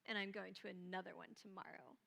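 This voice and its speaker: A woman's voice: mid-range voice, fairly even intonation, brisk, creaky, pushed and bright, long reverb tail, voice pushed down, full character voice. A woman voicing a boastful male court official, bragging casually to his friends. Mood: smug.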